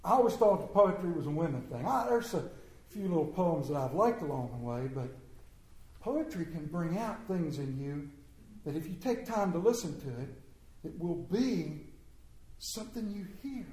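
A man telling comic stories to a live audience, animated and playful with emphatic swings. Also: a little high, normal speed. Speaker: speaker entertaining an audience. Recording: roomy echo.

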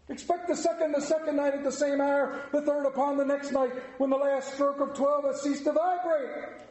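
A man voicing the tormented male ghost of a dead businessman bound in chains, speaking gravely and declaiming. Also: very high voice, a little mellow, echoey room, pitched above the performer's own voice, rough recording.

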